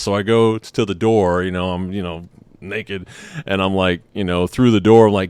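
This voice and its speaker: Deep, smooth-voiced man telling a story. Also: expressive, fairly quick, dry recording. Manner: candid, joking, lots of filler asides. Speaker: podcast host. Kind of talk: casual storytelling.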